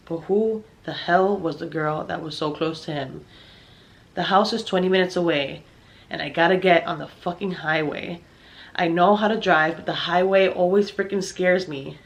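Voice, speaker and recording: A woman's voice: on the low side, steady tone, normal speed, a bit bright. A young woman narrating a personal story in a casual storytime style, swearing a lot and sounding exasperated as she acts out what people said. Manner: profane, exasperated, acts out dialogue.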